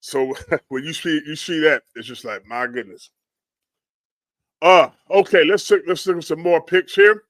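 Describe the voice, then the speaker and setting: A man from Florida hosts a livestream, his voice set a touch high and recorded dry and close. He murmurs and hums between prayerful exclamations while he walks through pictures of storm damage. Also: unhurried, fairly bright tone, dry recording. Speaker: livestream host. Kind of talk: live commentary on storm damage photos.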